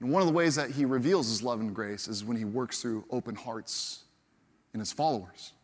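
A man preaching a sermon as pastor. He swings from loud, lively lines to hushed, slow ones, often repeats a word as he starts a sentence, and briefly acts out the voices of people in the story he tells. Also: mid-range voice, long reverb tail.

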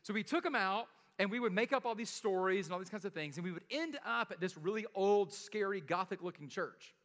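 A man's voice: sits high, brisk, fairly bright tone, in a large hall. A man preaching a sermon in a casual, joking storytelling way, often laughing and checking in with "right?". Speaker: pastor.

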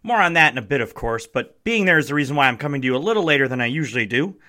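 A young Midwestern man from Wisconsin hosting a casual sports podcast from his basement, his voice a little hoarse from shouting, talking in an excitable, sarcastic, emphatic way. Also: mid-range voice, racing. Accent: Midwestern American. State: strained, slightly hoarse voice. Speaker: podcast host. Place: home basement.

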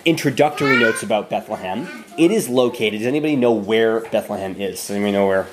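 A man leading an informal Bible study for a small group in a room, talking in a relaxed, conversational way and often restarting his phrases. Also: lowish voice, fast talker, background noise.

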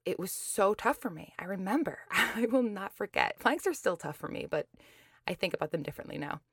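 In a brisk, animated, mid-range voice that's gravelly with a breathy edge, a podcast host leads her motivational talk show by telling a personal story. She chats along, laughs frequently, and dramatizes her own gripes, all captured in a dry, clean studio recording.

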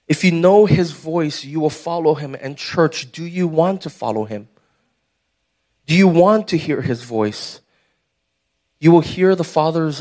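A man's voice: sits high, normal speed, a little mellow. A young man preaching a sermon as pastor, conversational and emphatic, putting direct questions to the church.

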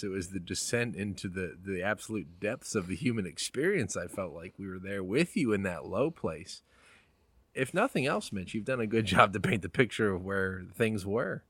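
Male co-host, lowish voice, animated and joking, dry close sound. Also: slightly rough, dry recording. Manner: playful, laughing banter. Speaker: podcast co-host. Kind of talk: casual chat.

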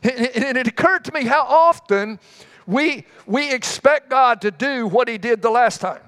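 A man's voice: very high voice, a bit bright. A man preaching a sermon in a folksy, conversational way, telling homespun stories and calling out to the congregation. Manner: tells homespun stories with quick asides to the congregation.

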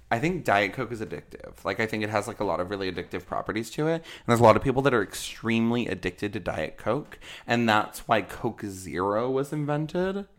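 Low-voiced man joking on a podcast. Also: fairly bright tone. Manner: joking, laughs often, rambling with fillers. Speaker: podcast co-host. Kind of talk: casual chat.

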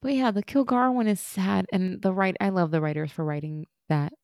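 Female podcast co-host, chatty recap voice, mellow, dry close sound. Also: medium pitch, normal speed, dry recording. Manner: chatty, laughs often. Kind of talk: casual recap chat.

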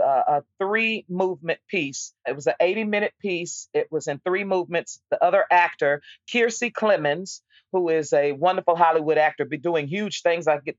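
A woman stage actor telling a story in an interview, lively, with frequent restarts and repeated words. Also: fairly low pitch, no room sound. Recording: dull, lo-fi dry recording.

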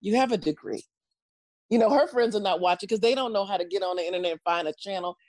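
A woman guest telling a story in an interview, lively and expressive, acting out voices and laughing often. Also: medium pitch, rapid-fire, dry recording.

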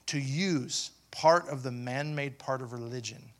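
A man preaching a sermon as pastor, asking the congregation questions and building to loud, emphatic passages. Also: medium pitch, unhurried.

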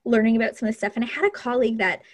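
Bubbly lady podcast host, kinda husky, laughs a lot. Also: fairly high pitch, very fast. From Canada. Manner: upbeat, outgoing, laughs often. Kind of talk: interview chat.

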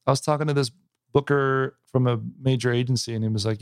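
A man's voice: medium pitch, steady tone, fast talker, clear, resonant tone, no room sound. Tired thirties man chatting, dry sound. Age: 30s. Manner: rambling, restarts often, says bro and dude. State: tired, yawning. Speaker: stand-up comedian. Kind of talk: casual podcast chat.

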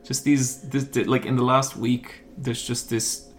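A man chatting loosely on a podcast, excitable and swearing casually as he tells stories. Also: medium pitch, a little slow, slight background noise. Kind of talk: casual chat.

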